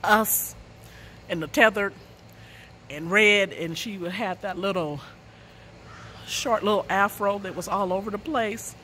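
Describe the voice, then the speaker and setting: A woman's voice: medium pitch, slow pace, pauses often, bright, forceful tone, a little hiss or hum. A woman, an author, telling a story casually and laughing through her own words.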